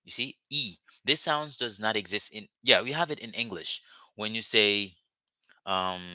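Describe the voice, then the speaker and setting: A man's voice: fairly low pitch, a little slow, bright, forceful tone, no echo. A man, a Creole speaker, teaching a live online language lesson over a video call and patiently repeating words for drilling. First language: Haitian Creole.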